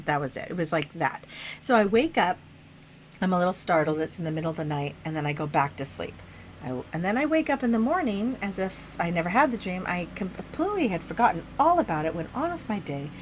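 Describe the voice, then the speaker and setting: Animated middle-aged woman telling a story. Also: lowish voice, a little fast, slight background noise. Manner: animated storytelling, frequent laughs and swearing. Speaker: podcast co-host. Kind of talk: casual chat.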